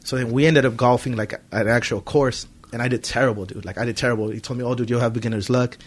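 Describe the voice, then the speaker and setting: A man's voice: medium pitch, fairly even intonation, quick pace. A man telling stories in loose, profane casual chat, acting out his friends' banter.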